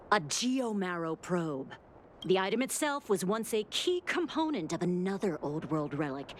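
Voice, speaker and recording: A woman's voice: mid-range voice, slight background noise. A woman voicing a formal adult female auctioneer, announcing items in a video game. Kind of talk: game voice acting.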